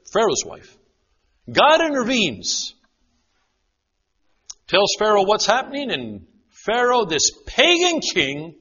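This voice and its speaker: A man preaches with a high, lively voice that swoops between ringing emphasis and near-whispers. His tone is bright yet husky. The recording sounds dull and lo-fi. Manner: dramatic, drops to a hush for quoted lines. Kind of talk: sermon.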